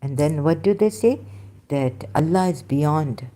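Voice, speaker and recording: A woman giving halting, emotional religious commentary, searching aloud for verses and near tears at times. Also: sits low, expressive, warm tone. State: close to tears.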